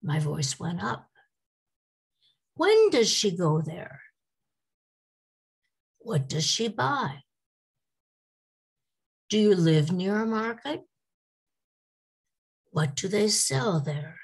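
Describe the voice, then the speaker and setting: A woman giving a teaching lecture to English teachers, speaking deliberately and reading example questions aloud to show how they sound. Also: medium pitch, very animated, creaky, breathy edge. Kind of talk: slide-based teaching lecture.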